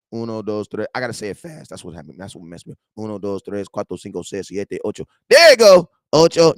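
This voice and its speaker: A man about forty hosting a casual football fan show from his garage, animated and slangy, swinging between loud outbursts and low asides. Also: smooth, dry recording, clean studio sound.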